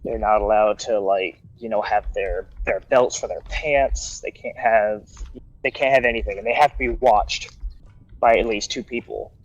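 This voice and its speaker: A man's voice: lowish voice, moderate pace, dry recording, dull audio. Man telling a rambling story. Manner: rambling anecdote with acted-out quotes and restarts. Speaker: guest storyteller. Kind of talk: casual storytelling.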